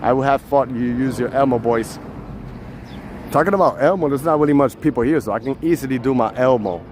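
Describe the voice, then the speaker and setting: A man live-streaming as he walks a city street outdoors, chatting to viewers in a relaxed way and laughing often, on a handheld phone. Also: mid-range voice, brisk, slight background noise. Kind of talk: walking live-stream chat.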